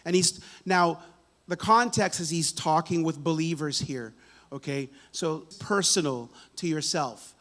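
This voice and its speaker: Higher-voiced man preaching conversationally. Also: unhurried, a bit bright. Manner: conversational, repeats words and asks "right?" often. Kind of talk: sermon. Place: church sanctuary.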